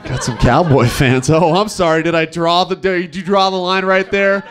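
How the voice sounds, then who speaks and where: A faint crowd is audible as a man in his twenties from Nevada performs self-deprecating stand-up at a club, voicing locals with animated impressions. His voice is high, his pace moderate, with few pauses.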